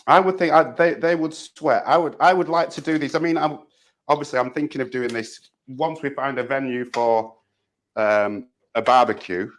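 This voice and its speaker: Guy talking through a live cooking demo, stumbles and repeats words a lot, mid-pitched voice. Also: moderate pace. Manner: chatty, hesitant with many repeated words. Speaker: cooking demonstrator.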